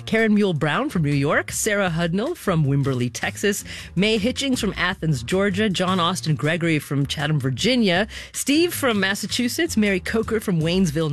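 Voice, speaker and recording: A woman hosting a public radio talk show, asking measured, thoughtful questions into a studio microphone. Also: low voice.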